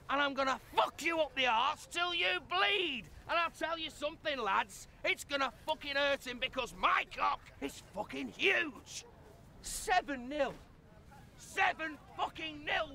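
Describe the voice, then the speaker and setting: An actor playing an enraged, foul-mouthed football coach in a shouted half-time tirade. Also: male voice, extremely high pitch, expressive, moderate pace, gravelly, slight background noise, exaggerated voice. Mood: furious. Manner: furious, abusive, shouting tirade. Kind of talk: film acting.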